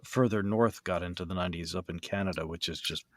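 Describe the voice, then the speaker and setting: A man's voice: low voice, fairly even intonation, fast talker, no room sound, clean studio sound. A man from the East Coast of the US co-hosting a casual podcast, talking hesitantly with many ums and uhs. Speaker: podcast co-host. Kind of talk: casual chat.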